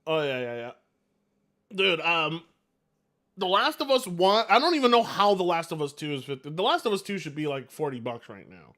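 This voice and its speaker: A man's voice: fairly high pitch, big pitch swings, normal speed, a bit bright. A man hosting a live game stream, chatting casually with viewers in a rambling way, swearing and laughing easily. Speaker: livestream host.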